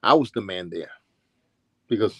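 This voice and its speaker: A man's voice: fairly low pitch, animated, normal speed, pushed and bright, slightly rough, dry recording. An older man from Brooklyn, telling stories in a casual interview and acting out the people he quotes. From Brooklyn, New York. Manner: acts out quoted people with voice changes. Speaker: interview guest, former DJ and dancer. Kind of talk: casual storytelling.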